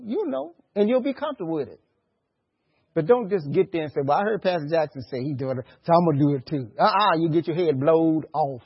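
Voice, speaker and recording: A male pastor preaching a sermon, swinging between hushed asides and loud, lively outbursts. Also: sits high, vocal fry, breathy edge, highs cut off.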